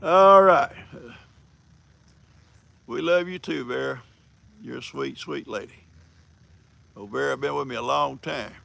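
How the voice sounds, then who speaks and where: A man's voice: mid-range voice, unhurried, creaky, pauses often, fairly bright tone, no echo. An older man with a country accent, hosting a livestream in folksy, rambling casual chat and reading viewer comments. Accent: American country. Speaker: livestream host.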